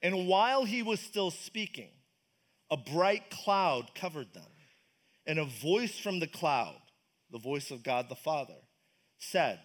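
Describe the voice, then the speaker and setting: A man's voice: fairly high pitch, big pitch swings, slow. A man preaching a casual, enthusiastic sermon at a church service, asking the congregation questions. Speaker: pastor. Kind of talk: conversational sermon.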